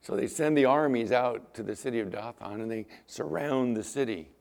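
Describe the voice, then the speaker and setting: A man's voice: medium pitch, moderate pace, vocal fry, a little mellow. A man preaching a sermon as pastor, acting out Bible scenes in different voices.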